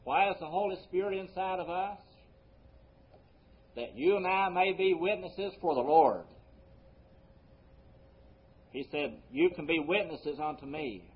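A male pastor preaches a sermon, alternating between loud emphasis and quiet, low phrases, and slowing down when quoting scripture. The audio sounds dull.

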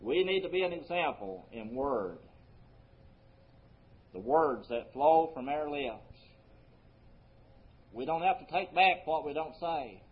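A man preaching a sermon earnestly, his voice rising for emphasis and then dropping soft. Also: fairly high pitch, lively intonation, takes it slowly, pauses often. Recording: muffled lo-fi recording.

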